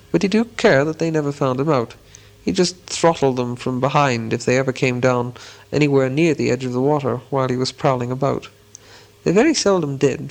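A man narrating a storybook in a slow, deliberate storytelling manner. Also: on the high side, gravelly. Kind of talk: reading a storybook aloud.

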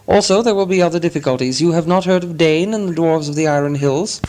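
A man voicing a hobbit gentleman, squeaky, prim, businesslike, high voice. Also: fast talker, natural voice. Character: fussy, polite hobbit gentleman, small and businesslike.

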